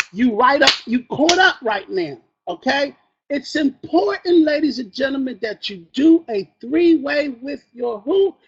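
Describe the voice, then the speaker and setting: A man giving a motivational sales training talk, energetic and preacher-like, quizzing his audience as he goes. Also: extremely high pitch, muffled recording. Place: training event room.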